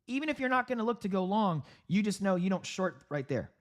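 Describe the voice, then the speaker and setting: A man hosting a live trading stream, giving upbeat market commentary with frequent laughs, clearing his throat and coughing from a sore throat. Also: high-pitched, sing-song, a little fast. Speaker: trading livestream host.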